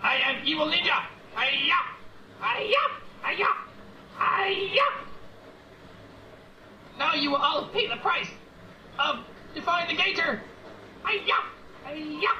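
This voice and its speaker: A squeaky goofy gator puppet. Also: male voice, bright, forceful tone, far from the mic, slight background noise, full character voice. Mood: brash. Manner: squeaky, slow, goofy accents. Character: small purple male gator puppet doing silly impressions. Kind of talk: homemade movie puppet voice. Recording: echoey lo-fi camcorder audio from afar.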